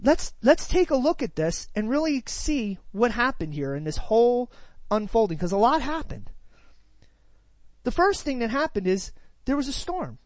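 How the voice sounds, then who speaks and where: A woman's voice: on the high side, very animated, normal speed, darkish tone, no echo. A woman preaching, who retells a scripture passage and then teaches it in a conversational way, full of rhetorical questions and "right?" tags.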